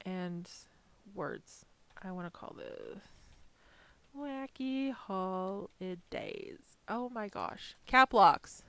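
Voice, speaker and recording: A woman's voice: lowish voice, lively intonation, slow, gravelly, clean tone. Chatty woman narrating her craft work. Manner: chatty, self-deprecating, talks to her software. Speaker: sticker designer streaming her work. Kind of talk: casual live-stream chat while working.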